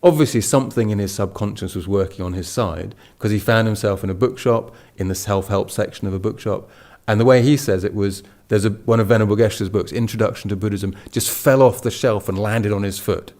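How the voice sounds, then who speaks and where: A man's voice: on the low side, brisk, a little mellow. A man gives a casual Buddhist talk. He wanders through a personal story, backtracking and restarting his sentences. Now and then he slips into quoted lines of dialogue. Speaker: Buddhist teacher giving a talk. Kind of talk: casual spoken dharma talk.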